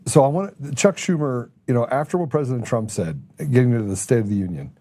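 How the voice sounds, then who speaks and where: A man's voice: mid-range voice, lively intonation, fast, warm tone. A man hosting a political talk show, speaking in a blunt, emphatic way with some restarts. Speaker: podcast host.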